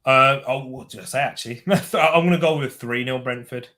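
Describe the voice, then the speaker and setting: Chatty British football podcast host. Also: male voice, medium pitch, moderate pace, pushed and bright. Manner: chatty, reads out viewer predictions. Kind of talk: casual football chat.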